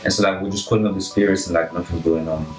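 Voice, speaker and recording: This young podcast co-host, low-voiced and racing along, tells a spooky story in a casual, chatty way. He's animated and full of fillers, leaning on "like" and "right?" constantly. Faint music sits under an echoey room, with him slightly off-mic.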